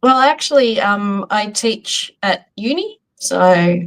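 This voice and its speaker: A woman's voice: medium pitch, lively intonation, slow pace, rough recording. A woman from Australia with an Australian accent, a university teacher calling in and giving brief, modest answers. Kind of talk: casual chat.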